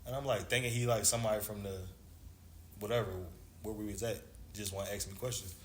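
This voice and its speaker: Talking fast in a steady, lowish voice, the ex-basketball player in his thirties tells a lengthy story in relaxed slang, performing each line of dialogue. Faint background noise fills the echoey room.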